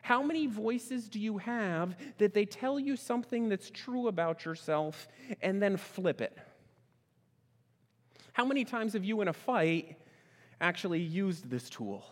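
A man preaching a sermon as a pastor, speaking emphatically and swinging between loud passages and hushed ones. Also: high-pitched, lively intonation, a little slow. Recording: long reverb of a large hall.

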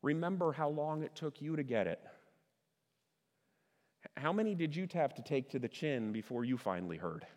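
A middle-aged male pastor preaches with a fairly high voice, keeping it conversational and throwing questions out to the crowd. He slows right down on the words he wants to land. The sound rings with the long reverb of a big hall. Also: expressive, darkish tone. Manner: conversational, asks the audience questions, stresses words by slowing down. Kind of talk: sermon.

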